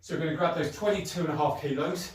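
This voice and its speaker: A man's voice: fairly high pitch, fast talker, slight background noise. A middle-aged man vlogging his workout in a casual, chatty way, swearing a little and short of breath between sets. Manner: chatty, breezy, mild swearing. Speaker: fitness vlogger. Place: home gym at dusk. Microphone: camera set up at a distance. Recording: roomy sound from a distant camera.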